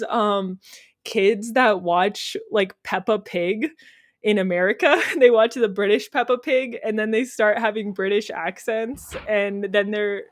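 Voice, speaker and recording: Young woman podcast guest, chatty storyteller who laughs often, mid-pitched voice. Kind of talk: casual chat.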